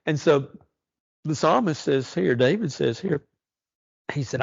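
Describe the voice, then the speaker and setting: A man teaching a church Bible study, earnest and slow on the verses he stresses. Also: fairly high pitch, animated, vocal fry, slightly rough, no echo, muffled recording. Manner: earnest, reads verses slowly and emphatically.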